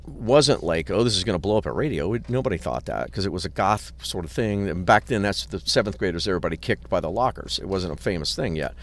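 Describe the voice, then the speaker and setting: Standing in a hotel parking lot, a middle-aged man who works as a record producer spins long, casual stories packed with swearing and acted-out quotes. He speaks low and a little fast, with lively intonation and few pauses, over slight background noise.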